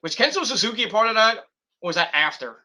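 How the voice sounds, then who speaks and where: A man's voice: sits high, lively intonation, fast, bright, forceful tone. A man reviewing a wrestling show in a loose, rambling way, giggling and restarting his sentences. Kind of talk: rambling casual commentary.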